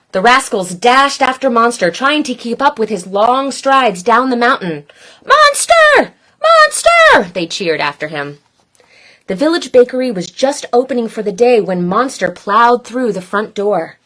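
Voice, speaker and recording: A woman reading a children's picture book aloud in a playful, expressive way. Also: fairly high pitch. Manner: playful, expressive, slow and deliberate. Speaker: storyteller.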